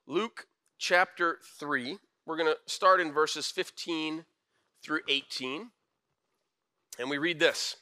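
A young man preaching a casual, conversational sermon with slang and animated asides. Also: a little high, measured pace. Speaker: pastor.

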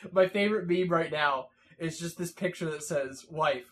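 A man co-hosting a podcast in casual chat, joking and bursting into loud laughs. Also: fairly high pitch, a little slow, a little hiss or hum. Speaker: podcast co-host.

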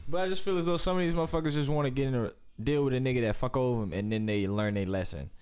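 A man's voice: mid-range voice, very fast, a little mellow, smooth. A man co-hosting a podcast, rambling through opinionated, profane takes in casual chat. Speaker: podcast co-host.

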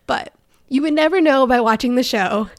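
A woman's voice: high-pitched, moderate pace, no room sound, clean studio sound. A young woman co-hosting a podcast, chatting casually and often trailing off into near-whispers. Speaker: podcast co-host. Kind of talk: casual chat.

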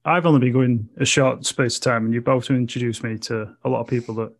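Yorkshire man, newer streamer, laid-back, conversational, mid pitch. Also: a little fast. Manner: relaxed, says "you know what I mean", "innit". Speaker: streamer, podcast guest. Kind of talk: casual chat.

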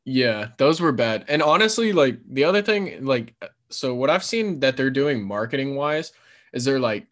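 A man's voice: mid-range voice, animated, moderate pace. Casual profane podcast guy. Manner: loose and profane, lots of fillers. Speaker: podcast co-host. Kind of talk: casual chat.

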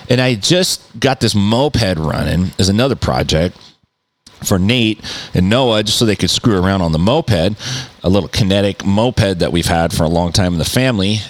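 A middle-aged man, a podcast host, telling a story in a loose, animated way, full of swearing and mouth sound effects. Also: deep voice, normal speed. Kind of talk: casual storytelling.

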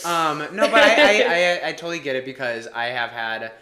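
A man's voice: medium pitch, expressive, a little fast, reverberant, a loud crowd. A man co-hosting a podcast in casual chat, playful and rambling, often laughing. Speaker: podcast co-host. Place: apartment room.

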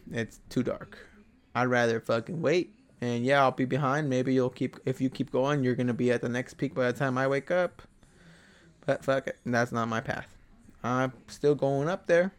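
A man's voice: medium pitch, moderate pace. A young man hosting a podcast, delivering a blunt, rambling motivational monologue full of swearing. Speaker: podcast host.

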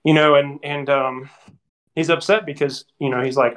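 A man in casual podcast chat about films, animated and quoting scenes. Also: fairly high pitch, normal speed. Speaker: podcast panelist.

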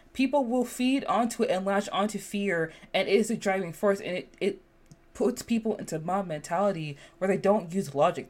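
Woman podcast host, casual chat, sassy and animated, mid-range pitch. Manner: animated, sassy, jumps high when exclaiming.

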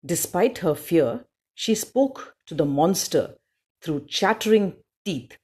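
A woman narrating a children's storybook aloud, expressive, with small slips now and then. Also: on the low side, slow pace, husky.

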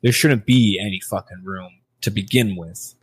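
Low-voiced, rambling podcast man. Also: normal speed, breathy edge. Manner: rambling, loose, swears casually. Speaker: podcast co-host. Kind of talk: casual podcast chat.

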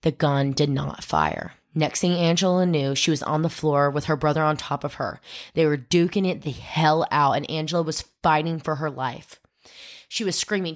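A woman's voice: deep voice, normal speed. A woman podcast host telling a true crime story, dramatic and acting out the quoted voices.

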